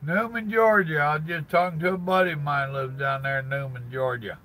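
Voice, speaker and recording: A man's voice: a little high, steady tone, a little fast, pushed and bright, poor audio. An older man, chatting casually on a live stream from his parked truck cab and greeting viewers by name in a folksy drawl.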